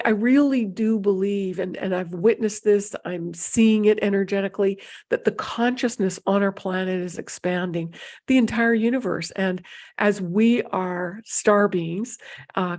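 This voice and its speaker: A woman's voice: medium pitch, a little mellow. A middle-aged woman giving an unscripted talk as an intuition teacher, wandering between thoughts with frequent fillers and restarts. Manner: meandering, restarts with many fillers.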